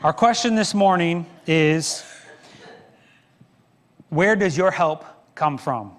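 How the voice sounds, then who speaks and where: A middle-aged man preaches from the pulpit, spinning a story with self-deprecating humor. His voice sits a little high for a man. A long church reverb trails his words. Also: lively intonation, slow pace. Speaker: pastor. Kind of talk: sermon. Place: church sanctuary.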